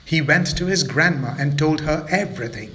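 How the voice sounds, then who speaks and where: A man slowly and expressively narrating a children's story. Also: on the high side, pushed and bright.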